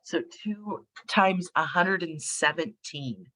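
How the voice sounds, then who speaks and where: A woman instructor walks through math problems in a relaxed, sleepy way, thinking aloud as she writes. Her voice sits a little low for a woman. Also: slow pace. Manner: casual, thinking aloud while working problems. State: sleepy, yawning. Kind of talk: recorded math lecture.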